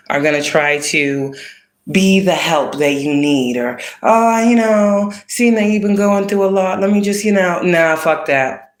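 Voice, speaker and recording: A woman giving a casual spiritual card reading, talking bluntly with heavy profanity and streetwise slang. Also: extremely low pitch. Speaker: spiritual reader. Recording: roomy echo.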